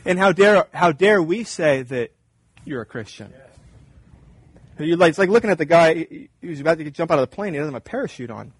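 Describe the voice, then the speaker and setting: A man's voice: a little high, lively intonation, brisk, husky. A man preaching a sermon in a conversational, emphatic way, acting out little dialogues. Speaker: pastor.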